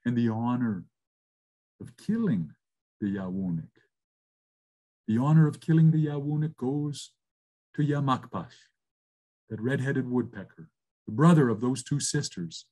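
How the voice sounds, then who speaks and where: A man from Canada telling a traditional story over a video call, rhythmic with repeated phrases and slow pauses. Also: medium pitch, lively intonation, warm tone.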